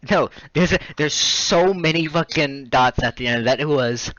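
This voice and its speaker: A man co-hosting a casual comedy podcast, loud and profane, laughing often. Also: on the high side, normal speed, no echo. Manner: loud, profane, laughing, puts on mock voices. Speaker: podcast co-host. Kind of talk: casual comedic chat, reading aloud. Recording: dull lo-fi sound.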